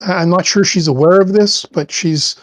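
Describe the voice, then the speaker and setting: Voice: medium pitch, moderate pace, dry recording. A tabletop player thoughtfully explaining their character, with many hesitations and fillers.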